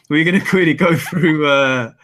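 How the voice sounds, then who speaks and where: A man co-hosting a casual chat, relaxed and brief in his replies. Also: fairly high pitch. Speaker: co-host.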